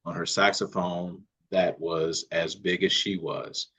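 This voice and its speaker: Man, gruff voice, lowish pitch, moderator reading comments, hesitant. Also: flat delivery, slow pace, a bit bright. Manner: self-deprecating, hesitant.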